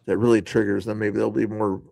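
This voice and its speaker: A man with a gravelly, lowish voice hosts a casual political livestream. He talks loosely, with chuckles and asides as he reacts to footage. The sound is dry and close. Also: level tone, brisk, darkish tone, dry recording. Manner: conversational, laughs and comments while rewatching clips. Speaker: stream host.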